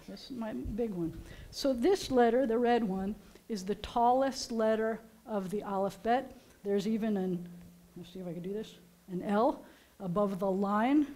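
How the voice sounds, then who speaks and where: An older American woman, a rabbi, giving a casual, teacherly sermon with gentle jokes to her congregation in a synagogue. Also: medium pitch. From United States. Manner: chatty, teacherly, gently joking. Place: synagogue sanctuary during a service.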